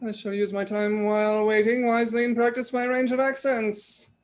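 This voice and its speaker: A woman's voice: fairly high pitch, little pitch movement, normal speed, natural voice. A woman playing a formal, literal-minded alien posing as a human newcomer in a comedy sketch rehearsal on a video call. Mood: puzzled.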